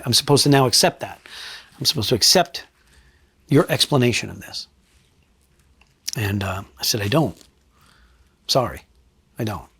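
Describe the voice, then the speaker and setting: A husky-voiced man, a middle-aged former New Jersey state trooper, gives an interview about a case, blunt and profane, lowering his voice to a quiet hush for emphasis. The recording has no room sound.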